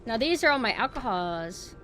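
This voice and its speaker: Chatty, excitable woman streamer. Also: normal speed. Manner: chatty, talks to chat, jumps to high squeals when flustered. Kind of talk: casual gameplay commentary.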